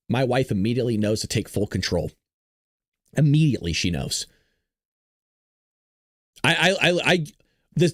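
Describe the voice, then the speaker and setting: A man's voice: medium pitch, dry recording, clean studio sound. A male show host giving casual live-stream commentary, rambling and joking with an exasperated edge.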